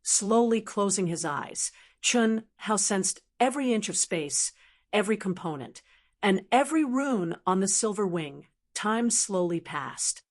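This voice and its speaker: A woman narrating a fantasy audiobook in a steady, even storytelling manner. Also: mid-range voice, unhurried. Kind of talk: scripted narration.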